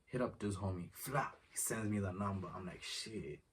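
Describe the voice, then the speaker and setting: A man's voice: low voice, normal speed. A young man telling a rambling, slangy story in a casual vlog, acting out the back-and-forth of conversations, filmed at home on his phone. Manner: rambling, slangy, retells exchanges in dialogue. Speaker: vlogger. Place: room at home. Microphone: phone camera. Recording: distant phone mic, faint noise.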